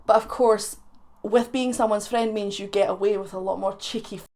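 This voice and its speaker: A young Scottish woman chatting straight to her viewers in a playful, teasing way. She laughs easily and breaks into quick asides. Her voice sits in a middle pitch. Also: steady tone, a little mellow. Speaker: YouTube reaction host. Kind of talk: chatty vlog to camera.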